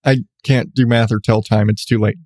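A man's voice: fairly low pitch, fairly even intonation, moderate pace, darkish tone, dry recording. A middle-aged man with a stuffed-up, congested voice rambles through a late-night solo podcast, joking at his own expense. He talks in loose, restarting sentences. The recording is close and dry. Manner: rambling, self-deprecating, restarts often. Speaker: podcast host.

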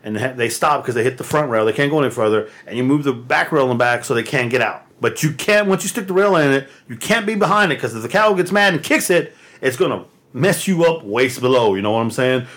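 A man telling a rambling, profane story in a casual chat, laughing often and getting animated. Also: mid-range voice, fast, few pauses.

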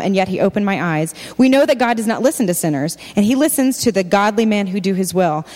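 A woman delivers a sermon at a middle pitch, reading scripture passages and breaking off to address her listeners. Her voice trails off into a long hall reverb. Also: expressive, quick pace, darkish tone. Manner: reads scripture aloud, then breaks off to comment directly to listeners. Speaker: speaker giving a faith talk.

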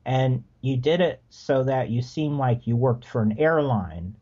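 A man's voice: mid-range voice, measured pace, breathy edge, muffled recording. A man guesting on a podcast, casually telling rambling stories about a past job. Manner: relaxed, rambling, frequent restarts. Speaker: podcast guest, former theme park worker. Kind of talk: casual storytelling.

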